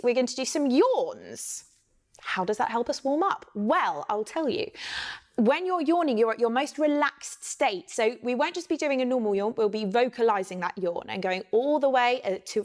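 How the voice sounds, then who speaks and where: An English woman teaching children a singing warm-up online, counting along and encouraging them. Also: a little high.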